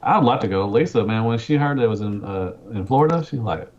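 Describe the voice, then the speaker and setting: A man co-hosting a casual podcast, playfully defending himself against his friends' teasing. His pitch swings widely as he talks. The audio is dull and lo-fi. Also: lively intonation, fast talker, darkish tone. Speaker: podcast co-host.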